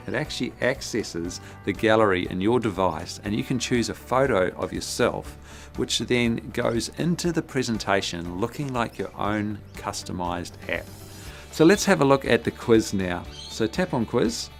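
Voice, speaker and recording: Gravelly man explaining steps. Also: lowish voice. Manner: practical and encouraging, steady numbered steps. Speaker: app tutorial presenter. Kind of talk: instructional explainer.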